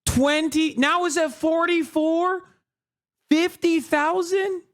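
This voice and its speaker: A man streaming political commentary, animated, sarcastic and full of profanity. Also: extremely high pitch, slow. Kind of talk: livestream commentary.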